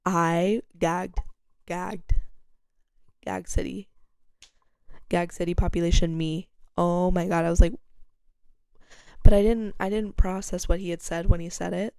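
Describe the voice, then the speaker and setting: A young woman hosting a podcast, telling a story in a candid, chatty way that is full of fillers and swearing, and getting animated when she quotes people. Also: a little slow, vocal fry, pauses often, smooth, dry recording, studio quality. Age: young adult. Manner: chatty and candid, swears freely, heavy use of "like"; animated when quoting others, with sharp jumps in pitch and loudness. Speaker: podcast host. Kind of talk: casual storytelling chat.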